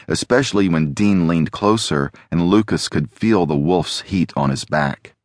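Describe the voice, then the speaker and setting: A man reading a novel aloud as an audiobook narrator, in a steady, even storytelling manner. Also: low voice, dry recording, studio quality.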